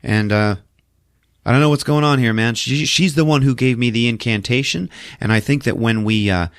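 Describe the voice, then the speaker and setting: A man hosting a podcast, recapping a film in a casual, profane, animated storytelling manner. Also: medium pitch, normal speed, no room sound, studio quality. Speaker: podcast host.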